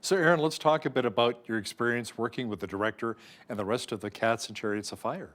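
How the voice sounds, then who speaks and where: A male news interviewer with a voice of middling pitch. He asks his guest questions in a casual, friendly way and likes to tease playfully. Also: fast talker, fairly bright tone.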